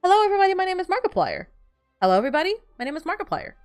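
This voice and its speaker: A woman putting on the voice of an excited male YouTuber who insists on who he is and keeps repeating his greeting. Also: very high-pitched, very fast, faint music behind, pitched above the performer's own voice, heavily acted. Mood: insistent.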